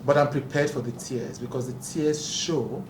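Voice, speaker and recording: A man with a medium-pitched voice and normal speed, he's a talk show host at a press conference who speaks earnestly and forcefully and often laughs. The recording is echoey and noisy, with the microphone placed far away.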